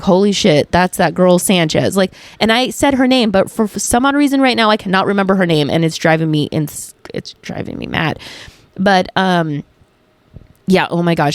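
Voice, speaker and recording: Young woman vlogger, casual rambling chat, smooth clear voice, dry close sound, swears freely. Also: medium pitch, no echo.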